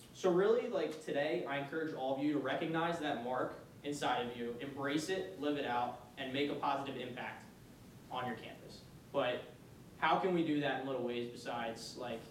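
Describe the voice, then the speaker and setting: A young man giving a casual faith talk as a student retreat speaker, chatty, laughing often and using many fillers. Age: young adult. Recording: echoey room from far off, faint rumble.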